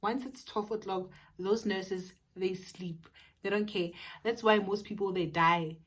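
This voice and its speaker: A woman with a South African accent recounts a personal story in a storytime vlog. Her voice sits at an everyday middle pitch, and she leans on emphatic repetition in an earnest, conversational telling. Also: steady tone, a little slow. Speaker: vlogger.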